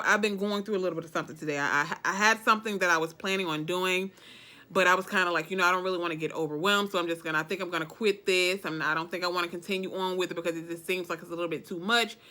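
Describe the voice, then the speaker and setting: Bright-voiced Southern woman vlogging. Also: lowish voice. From Alabama, US. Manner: chatty, emphatic, keeps saying okay, dialect grammar. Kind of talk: casual motivational talk to camera.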